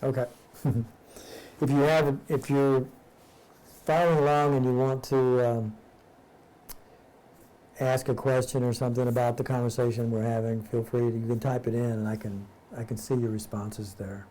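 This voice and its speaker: A man's voice: mid-range voice, flat delivery, moderate pace, long pauses, dark tone, low-quality recording. A man leading a live-streamed study group who reads a spiritual text aloud, stumbles and rereads lines, then explains each passage in plain words.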